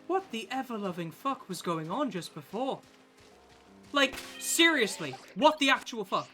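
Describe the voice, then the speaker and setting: A woman streamer reacts to her game at home with loud, profane disbelief. Her voice is bright and lively, leaping in pitch on every surprise. Faint game music plays behind her. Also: unhurried. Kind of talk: live game commentary.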